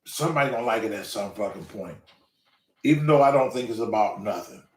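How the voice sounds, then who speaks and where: A man's voice: fairly low pitch, brisk, far from the mic. A man hosting his own show, telling a long story in a casual monologue and swearing constantly as he rants. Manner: profane, ranting, animated storyteller. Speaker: show host. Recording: roomy, away from the mic.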